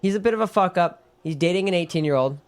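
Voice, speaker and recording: Animated man retelling a film. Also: high voice, fast. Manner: animated retelling with swearing and acted quotes. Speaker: podcast co-host. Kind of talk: casual chat recapping a film.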